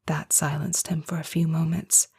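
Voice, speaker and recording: A woman giving a whispered first-person audiobook narration, hushed and slow. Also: low-pitched, flat delivery, creaky, husky.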